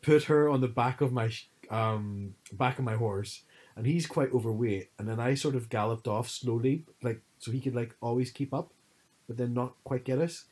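A man co-hosting a podcast, telling stories in an animated, casual chat full of fillers. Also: mid-range voice, moderate pace, slightly rough, poor audio. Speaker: podcast co-host.

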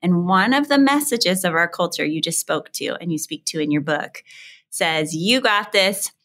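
A woman's voice: on the low side, normal speed, fairly bright tone. A woman hosting an interview, asking open questions in an encouraging, conversational way. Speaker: podcast host.

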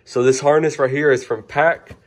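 Young adult male, informal DIY explainer, chatty and rambling, mid pitch. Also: fairly even intonation, moderate pace. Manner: rambling, informal, self-correcting. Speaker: car audio DIY reviewer. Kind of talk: casual how-to explanation.

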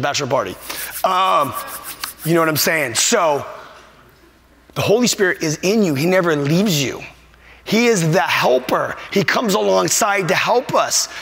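A man's voice: sits high, vocal fry, bright, forceful tone. A man preaching a sermon as a pastor, emphatic and repetitive, at times choked up with emotion. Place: church sanctuary. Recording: long hall reverb.

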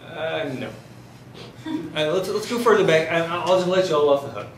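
A man with a somewhat high, lively voice gives a university finance lecture at a moderate pace. He tells jokey stories and quizzes the class, recorded in an echoey classroom with faint hiss.

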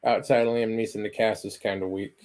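A man's voice: lowish voice, little pitch movement, quick pace, a little mellow. A man co-hosting a stream, chatting casually about movies in a laid-back way with short replies.

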